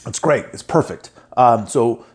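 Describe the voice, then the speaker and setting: A man's voice: medium pitch, expressive, unhurried. A man hosting a casual cooking video, chatting enthusiastically as he cooks and tastes the food. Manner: chatty and enthusiastic, talks while cooking and tasting. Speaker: cooking channel host.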